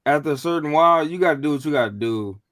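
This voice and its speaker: A man's voice: a little high, expressive, fast, a bit bright, dry recording, studio quality. A man co-hosting a podcast, talking in slangy, emphatic casual chat with some swearing. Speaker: podcast co-host.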